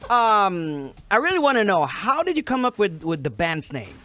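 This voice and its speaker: A man's voice: high-pitched, wildly swooping pitch, moderate pace, pushed and bright. A man with a Filipino accent hosts a radio show. He delivers showy, hyped countdown patter and interviews guests with playful jokes. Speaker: radio DJ host. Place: radio studio.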